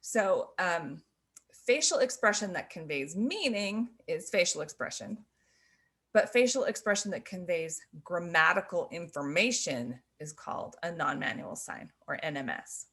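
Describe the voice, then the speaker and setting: Soft-spoken woman teacher with a gravelly edge. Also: fairly low pitch, expressive, a little slow. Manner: gentle, laughs softly between points. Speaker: sign language teacher. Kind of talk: explaining to learners on camera.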